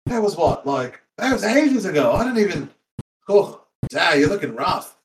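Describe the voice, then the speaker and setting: A man's voice: high voice, big pitch swings, moderate pace, a little hiss or hum, poor audio. A man voicing a flippant young male parakeet who mocks his estranged father. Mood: mocking. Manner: flippant, laughing, swearing.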